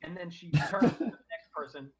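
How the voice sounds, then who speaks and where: A man narrating as game master of a tabletop game, unhurried and descriptive, with some fillers. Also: high voice, lively intonation, heavy background noise.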